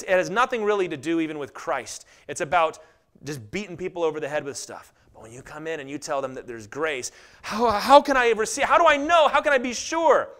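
A middle-aged man preaching a sermon, telling stories animatedly and acting out quotes in lively voices. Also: on the high side. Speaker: pastor.

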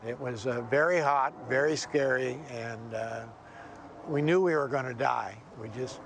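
An older man, a former helicopter pilot, recalling a crash calmly in a documentary interview. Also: medium pitch, unhurried, slight background noise.

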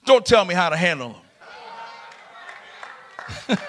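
A middle-aged man preaching a lively sermon in a church, shouting and laughing with the congregation. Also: high voice, very slow, noisy background. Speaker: pastor. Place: church sanctuary.

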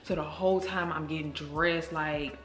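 A woman vlogger telling a story to her viewers in a chatty, animated way, speaking straight to the camera. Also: deep voice, moderate pace, faint music behind. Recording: roomy echo.

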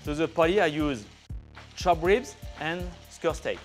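French-accented chef demonstrating a recipe. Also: male voice, fairly high pitch, lively intonation, unhurried. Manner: chatty, playful, sprinkles French words. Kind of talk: cooking demonstration. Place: kitchen. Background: background music and sizzling food.

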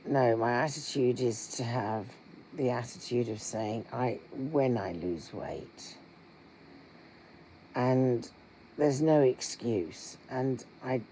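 A middle-aged vlogger, talking earnestly and haltingly to viewers with many pauses. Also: medium pitch, warm tone, slight background noise, rough recording. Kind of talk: candid personal vlog talk.

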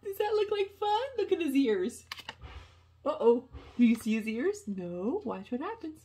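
An older woman, a grandmother, reading a picture book aloud to a child, animated and coaxing, asking questions as she goes. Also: high-pitched, unhurried, noisy background.

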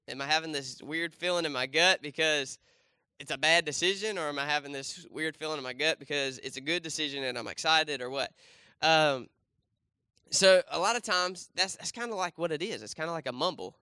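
Bright-voiced young man preaching casually. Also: fairly high pitch, brisk, smooth, no room sound. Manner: conversational, many fillers and restarts, asks the congregation questions. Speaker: pastor. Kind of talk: casual sermon with a volunteer demonstration. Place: church.

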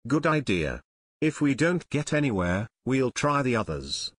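A man reading an audiobook voices a calm, decisive teenage boy who leads his friends. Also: mid-range voice, measured pace, no room sound. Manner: decisive, level.

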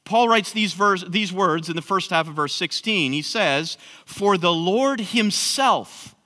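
A man's voice: high voice, pushed and bright. A man preaching an expository sermon, emphatic, with frequent restarts. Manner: emphatic, repeats words when restarting. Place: church sanctuary. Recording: long hall reverb.

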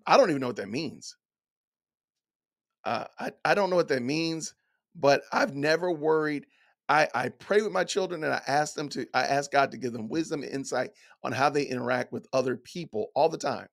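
Incredulous, animated middle-aged man. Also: fairly high pitch, normal speed, vocal fry. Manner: incredulous, rhetorical questions, folksy. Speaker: commentator. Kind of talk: reading aloud and reacting to an essay.

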